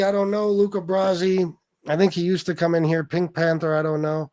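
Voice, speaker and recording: A man running a live stream in a loose, chatty way. He is blunt and swears a lot, and his voice sits a little high for a man. The sound is close and dry, with no room echo. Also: steady tone, fairly quick, darkish tone. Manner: blunt and profane, reading out viewer names. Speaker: livestream host. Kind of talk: casual livestream chat.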